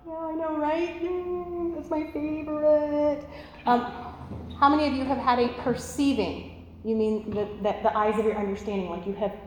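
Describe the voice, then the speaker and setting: A woman with a fairly high voice gives an interactive sermon, quizzing her listeners and laughing as she goes. She is recorded in a big hall with long reverb and faint noise behind. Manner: animated, laughing, asks the audience questions. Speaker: church teacher.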